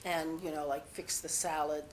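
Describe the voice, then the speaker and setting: Woman, interviewee, rambling candid storytelling, fairly low voice, light background noise. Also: little pitch movement, moderate pace. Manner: rambling, candid, often restarts sentences. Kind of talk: personal storytelling.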